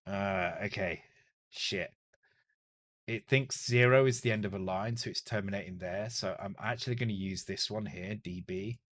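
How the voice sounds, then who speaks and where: With a voice on the low side and a fairly bright tone, a streamer from Northern England moves at a moderate pace while coding a retro game live. He thinks aloud, mutters to himself, corrects himself and jokes with casual swearing.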